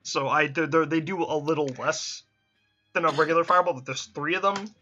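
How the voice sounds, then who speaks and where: A man's voice: fairly high pitch, pushed and bright, dull audio, soft background music. Casual man running a tabletop game. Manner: casual, swears freely, quick restarts. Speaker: game master.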